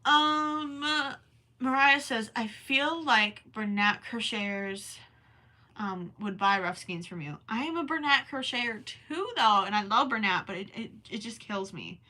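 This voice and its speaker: A woman's voice: fairly high pitch, animated, measured pace, pushed and bright. A young woman chatting casually on a crochet livestream, reading and answering viewers as she works. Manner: chatty and distracted, often stops to count stitches under her breath.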